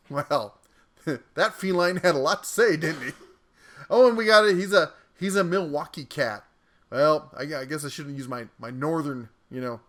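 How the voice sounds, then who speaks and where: Playful man host with a higher voice. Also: expressive, moderate pace, a bit bright. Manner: playful and jokey, chuckles between lines. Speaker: tool channel host. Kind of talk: comedic reading of viewer comments.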